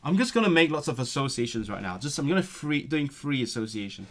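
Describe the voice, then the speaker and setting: A man's voice: mid-range voice, very animated, quick pace, fairly bright tone. Man thinking aloud while studying languages. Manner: musing, self-correcting, free-associating between languages. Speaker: language learner vlogger.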